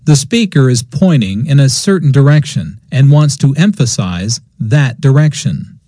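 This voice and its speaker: A man explaining English usage in a scripted language lesson, slow and deliberate. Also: mid-range voice, animated, mellow, dry recording, studio quality. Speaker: English teacher.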